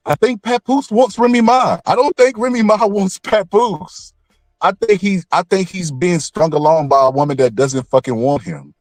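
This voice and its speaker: A man delivers blunt, cursing commentary with a lively, swinging pitch. His voice sits at a middle pitch and sounds dry and close, with no room echo. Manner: blunt, profane, animated ranting. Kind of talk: opinionated celebrity commentary.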